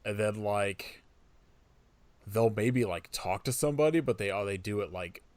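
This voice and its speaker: A man's voice: on the low side, expressive, normal speed, a little mellow, dry recording. A man co-hosting a podcast, chatting bluntly and sarcastically about a movie and swearing freely. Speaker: podcast co-host. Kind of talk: casual movie chat.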